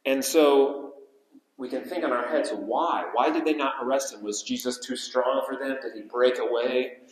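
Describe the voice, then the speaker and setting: A man preaching a sermon as pastor, repeating key phrases and slowing down to stress them. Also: medium pitch, steady tone. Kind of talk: expository sermon. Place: church sanctuary. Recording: roomy church hall reverb.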